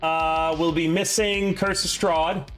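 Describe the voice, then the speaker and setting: A man's voice: a little high, fairly even intonation, slow pace, a bit bright, faint music behind. A young man streaming, chatting casually and rambling with self-deprecating asides before running a tabletop game.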